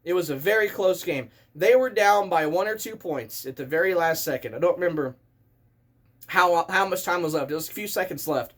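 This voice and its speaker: High-voiced excitable man telling a story. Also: a little fast. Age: 30s. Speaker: vlogger. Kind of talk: casual storytelling rant.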